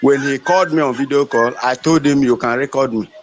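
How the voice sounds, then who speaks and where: A man giving a fiery, defiant speech in a live audio discussion, repeating himself and at times shouting, recorded on a phone. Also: medium pitch, fairly quick, soft background music, low-quality recording. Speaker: activist speaker. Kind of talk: impassioned live-audio rant.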